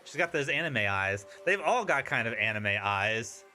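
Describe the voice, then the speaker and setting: A man's voice: medium pitch, expressive, normal speed, pushed and bright, faint music behind. A man streaming a dating sim, reading its narration aloud with playful, wry asides.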